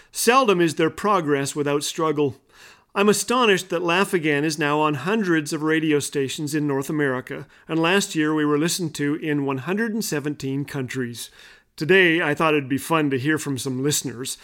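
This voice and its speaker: A man in his fifties hosting a radio show, telling humorous stories in a scripted monologue with punchlines. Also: sits high. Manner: light storytelling with punchlines.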